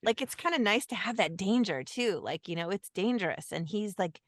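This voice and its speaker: A woman's voice: mid-range voice, expressive, dry recording. A woman guest on a podcast, a writer on the film, reflecting in casual talk on how scenes were written and cast. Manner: reflective, insider anecdotes, quick asides.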